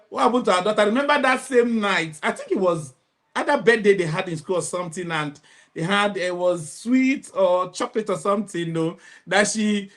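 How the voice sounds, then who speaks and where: A woman's voice: medium pitch, a bit bright. Lady coach telling parenting stories, laughs a lot, does everyone's voices. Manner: laughs often, acts out other people's voices. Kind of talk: animated storytelling.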